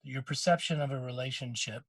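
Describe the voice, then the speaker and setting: A middle-aged man co-hosting a podcast, telling a moving personal story in casual chat, with frequent restarts and quick quoted lines from others. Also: medium pitch, no room sound. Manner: emotional storytelling with many restarts; quotes others in short bursts. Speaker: podcast co-host.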